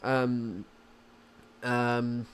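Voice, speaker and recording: A man's voice: mid-range voice, level tone, drawn-out words, clear, resonant tone. A man with a Southern English accent doing casual live-stream commentary, swearing freely and answering chat as he goes. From England.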